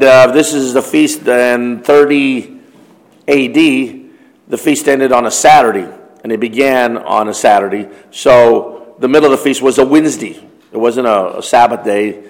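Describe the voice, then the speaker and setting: Male preacher, middle register, reads verses then explains and quizzes, long hall reverb. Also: medium pitch. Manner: reads scripture aloud then explains it conversationally, posing questions. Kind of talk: Bible study sermon.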